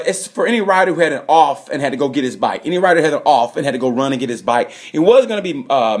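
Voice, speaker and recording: Excitable man hosting a comedy monologue. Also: a little high. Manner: excitable, rambling, with sudden loud bursts. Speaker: host. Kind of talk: comedic monologue giving awards.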